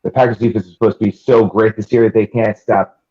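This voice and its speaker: A man's voice: fairly low pitch, steady tone, fast talker, breathy edge, lo-fi sound. A man on a sports betting panel calling in remotely, giving plain, confident picks. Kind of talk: sports betting talk show.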